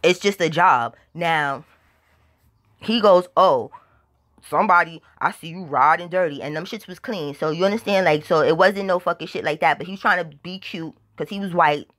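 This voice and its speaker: A woman's voice: lowish voice, moderate pace. A woman telling a casual storytime, profane and emphatic, often checking that the listener understands. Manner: profane, emphatic, keeps asking "you understand?". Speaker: vlogger.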